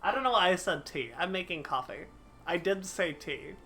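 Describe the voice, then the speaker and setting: A woman's voice: lowish voice, expressive, moderate pace, pushed and bright, a little hiss or hum. A young woman streamer chatting playfully and rambling to her viewers during a live game stream. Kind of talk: casual live-stream chat.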